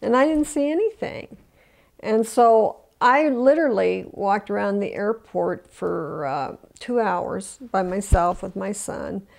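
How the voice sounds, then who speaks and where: A woman's voice: mid-range voice, a little slow, gravelly, a little mellow. An older woman in an oral history interview, telling her story with emotion, restarting often and acting out the voices she quotes. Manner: emotional retelling with many restarts.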